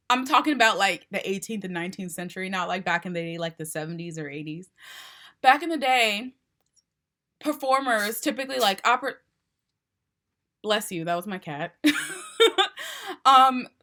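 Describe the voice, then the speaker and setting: A woman's voice: fairly high pitch, pushed and bright. A young woman, an independent singer, chatting casually in a rambling way with frequent laughs. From United States. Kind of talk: casual chat.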